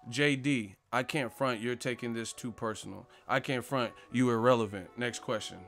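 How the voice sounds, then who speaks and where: A man's voice: medium pitch, normal speed, fairly bright tone, soft background music. Brash, profane man trash-talking on a live stream. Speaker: boxing channel host answering live chat. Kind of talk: live stream commentary, reading chat questions.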